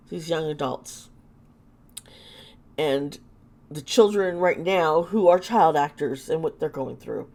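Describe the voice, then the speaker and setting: A woman with a sore throat doing a casual tarot reading, halting and exclaiming as she turns the cards. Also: low-pitched, darkish tone. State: sore throat, lozenge in mouth. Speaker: tarot reader and channel host.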